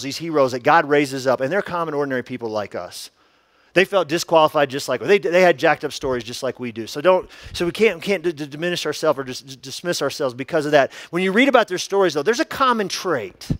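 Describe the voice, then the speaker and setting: A man, a pastor, preaching a sermon in a conversational, joking way, full of rhetorical questions and drawn-out words for emphasis. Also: fairly high pitch, no echo, clean studio sound. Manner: emphatic, stretching key words for effect.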